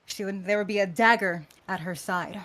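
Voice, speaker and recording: A woman's voice: medium pitch, normal speed, fairly bright tone. A woman playing a tabletop game on a call, carefully describing her character with some hesitation. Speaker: player. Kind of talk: narrating her character's actions.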